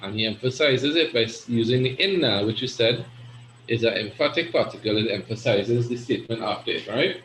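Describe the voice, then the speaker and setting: A man's voice: medium pitch, lively intonation, brisk, fairly bright tone. A man teaching an Arabic grammar class, explaining step by step and often checking in with "right?". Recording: echoey room with faint noise.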